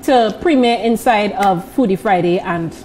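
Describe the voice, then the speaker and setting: A woman's voice: medium pitch, moderate pace, a little mellow, a little hiss or hum, low-quality recording. Upbeat woman hosting morning TV. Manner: upbeat, leads the segment and the cooking. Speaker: morning show co-host. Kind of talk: casual morning TV chat.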